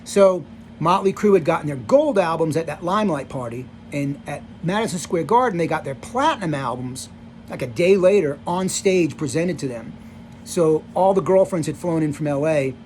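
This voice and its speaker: A man's voice: a little high, lively intonation, normal speed, darkish tone, slight background noise. Rambling older man telling road stories. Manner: rambling, full of "you know" and "like". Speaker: vlogger telling rock-tour stories. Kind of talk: casual storytelling.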